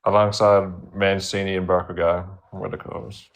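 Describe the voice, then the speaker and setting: Guy calling in w a fake american accent, low voice, keeps tripping over his words. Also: level tone, moderate pace, creaky. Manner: stumbling, repetitive, put-on American accent. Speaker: caller. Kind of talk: call-in banter. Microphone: phone line.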